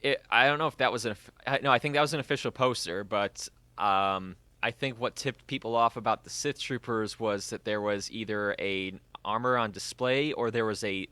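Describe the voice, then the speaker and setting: Bright, dry-voiced young man joking. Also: fairly low pitch, normal speed, few pauses, no room sound. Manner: joking, self-mocking banter. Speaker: podcast co-host. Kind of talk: casual chat.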